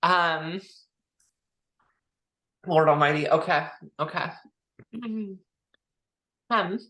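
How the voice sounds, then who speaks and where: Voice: medium pitch, takes it slowly, long pauses, bright, forceful tone, rough recording. A podcast co-host telling a self-deprecating story in casual chat.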